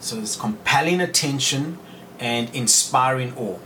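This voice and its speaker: A man hosting a podcast, reading Bible verses aloud and explaining them in a measured way. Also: mid-range voice, lively intonation, pushed and bright, distant mic, slight background noise, poor audio. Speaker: podcast host teaching scripture.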